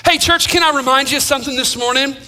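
Bright high-voiced preaching man. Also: fast talker, long reverb tail. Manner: dynamic preaching, drops to hushed tones, sing-song phrasing. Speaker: pastor. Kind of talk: sermon. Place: church sanctuary.

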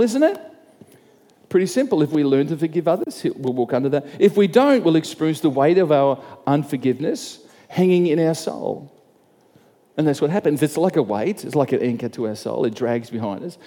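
A man's voice: fairly high pitch, warm tone, in a large hall. A man preaching a sermon as pastor, conversational, repeating and restarting phrases and asking the crowd questions.

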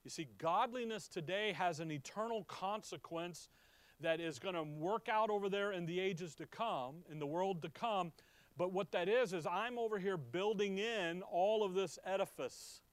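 A man preaching a verse-by-verse sermon, his voice sitting a bit high for a man. He keeps asking the listeners questions and checking they are with him. The recording is dry with almost no room sound. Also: normal speed, no echo. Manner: rising to emphatic peaks, dropping low for asides; asks the audience questions and checks they follow. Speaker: pastor. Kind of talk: Bible teaching sermon.

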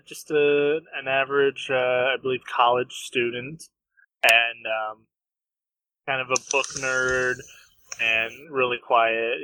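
A young man co-hosting a podcast, chatting casually and retelling a story in a halting way, full of fillers. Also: medium pitch, pushed and bright, no room sound, poor audio. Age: young adult. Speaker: podcast co-host. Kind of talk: casual chat.

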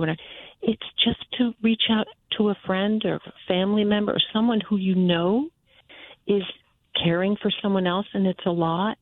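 A woman caller tells a heartfelt personal story, earnest and halting, often stopping to restart a thought. Her voice comes through a thin, tinny phone line. Her pitch is medium.

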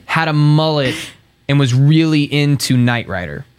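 A man's voice: fairly high pitch, expressive, smooth. A man co-hosting a casual chat podcast, rambling and correcting himself as he talks. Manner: rambling, self-correcting, quick bursts. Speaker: podcast co-host.

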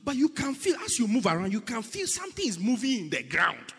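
A man preaching a sermon in a church, swinging between loud, drawn-out lines and hushed whispers, repeating words for effect. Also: extremely high pitch, wildly swooping pitch, slightly rough, faint music behind. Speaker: pastor. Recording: echoey church hall.

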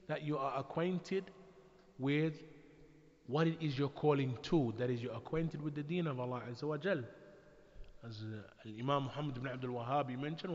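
A man delivers a religious lecture in a slightly high voice. He talks in a measured way, pausing and restarting phrases as he thinks. The recording is dull and lo-fi, with a long hall reverb. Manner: measured, with frequent restarts and pauses. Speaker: Islamic preacher. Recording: echoey hall, dull lo-fi sound.

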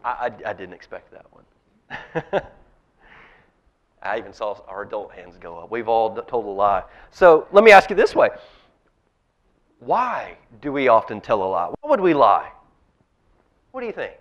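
A man's voice: medium pitch, very animated, unhurried, long pauses, dull audio. A man, a pastor, giving a children's talk in a church service, telling a story and asking the kids questions. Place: church sanctuary.

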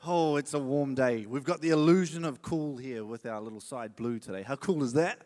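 A man's voice: mid-range voice, normal speed, a little mellow. A man preaching a casual, joking sermon in a church, chatting with and hyping up the congregation. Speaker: pastor. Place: church hall.

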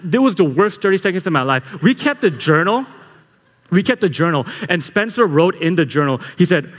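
A young man telling a story to a live audience, energetic and full of "like" fillers. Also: sits high, a little fast. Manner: energetic, filler-heavy with constant "like". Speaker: speaker at a live talk. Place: large hall. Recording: echoey hall reverb.

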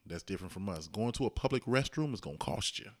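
A man's voice: sits low, fast talker. A man co-hosting a casual chat, telling travel stories and acting out what people said. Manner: animated, acts out quotes with voices. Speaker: podcast co-host.

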